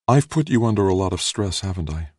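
A man reading aloud voices a serious, gentle young woman in an audiobook, raising his voice to play her. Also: low voice, lively intonation, fast, husky, no room sound, clean studio sound, pitched above the performer's own voice.

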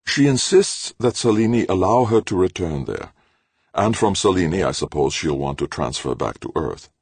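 A man's voice: low voice, animated, moderate pace, husky, dry recording, voice pushed up, full character voice. A man voicing a fretful older male professor who pleads anxiously. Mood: worried.

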